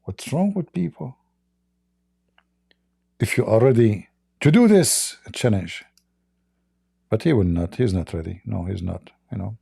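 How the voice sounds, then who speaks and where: A man with a gravelly, husky voice hosts a livestream, mocking a clip with sarcastic jokes and frequent laughter. His tone is dark and mellow, and the sound is dry and close. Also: lowish voice, expressive, measured pace, long pauses, dry recording. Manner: sarcastic, joking, laughs often. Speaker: livestream host. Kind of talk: mocking commentary on a video clip.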